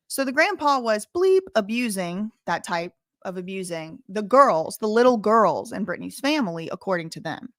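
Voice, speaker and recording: A woman's voice: mid-range voice, dry recording, studio quality. A woman reading a memoir aloud and breaking off into casual spoken asides. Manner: reads passages then breaks off into chatty asides.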